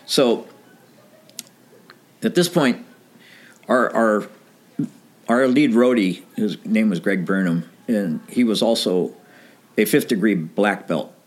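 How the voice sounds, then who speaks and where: A middle-aged man with a fairly low voice tells a casual story from his band days, speaking slowly with long pauses. He acts out the dialogue and laughs often as he goes.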